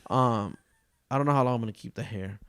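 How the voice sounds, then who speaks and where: A man's voice: mid-range voice, quick pace, clean tone. A young man co-hosting a casual podcast, joking and swearing as he chats. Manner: joking, swears freely, animated storyteller. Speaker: podcast co-host. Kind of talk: casual chat.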